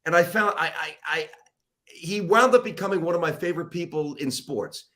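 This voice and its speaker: A man's voice: fairly high pitch, normal speed. A middle-aged man, a sports radio host, telling a long story as a guest in a podcast interview, rambling and poking fun at himself. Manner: animated, rambling, self-mocking storyteller.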